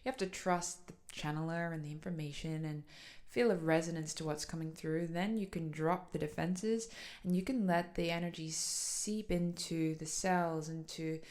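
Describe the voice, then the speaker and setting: A woman's voice: on the low side, moderate pace, a little mellow. A young adult woman talking casually about her spiritual practice, earnest and flowing, with many "like"s and "so"s. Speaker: light language channeler. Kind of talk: casual personal talk.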